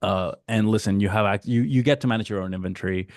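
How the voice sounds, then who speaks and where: A man from Mexico giving a casual, animated webinar presentation over a video call, slipping into quick voices for customers. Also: on the low side, no echo, clean studio sound. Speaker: guest speaker.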